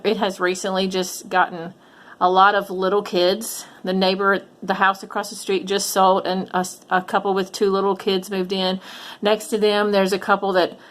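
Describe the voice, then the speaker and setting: Woman, middle-aged, casual vlog storytelling, chatty, lots of ums and restarts, mid pitch. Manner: chatty, animated retelling with frequent ums and restarts. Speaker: reseller vlogger.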